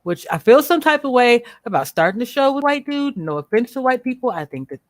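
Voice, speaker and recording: Woman, livestream host, blunt, profane, ranting, emphatic slow stresses, dry close sound. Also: a little high, very animated, dry recording. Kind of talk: unscripted livestream commentary.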